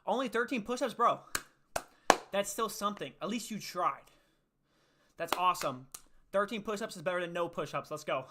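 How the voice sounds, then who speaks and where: This livestream host is a young man running a casual faith stream, reading viewers' chat and answering it in an upbeat, chatty way while still winded from push-ups. His high voice is animated, at a moderate pace with frequent pauses, and there's background noise.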